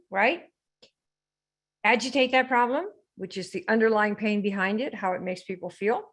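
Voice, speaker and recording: A brash woman hosting a live sales coaching stream, teasing and quizzing her viewers as she goes. Her voice sits at a middle pitch with a husky, breathy edge. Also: fairly bright tone.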